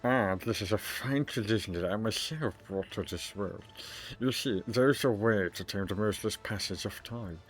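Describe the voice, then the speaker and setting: A man voicing a pompous, flattering male noble governor in a game, with a grandiose, courtly delivery in a low voice. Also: moderate pace, lightly acted, poor audio.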